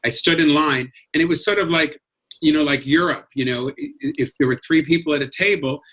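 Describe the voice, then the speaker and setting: A middle-aged man from Los Angeles, a comedian telling stories in a lively, animated way on a video call. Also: fairly high pitch, a little fast. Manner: animated, jumps into character voices and accents. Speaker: guest comedian. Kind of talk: casual storytelling chat.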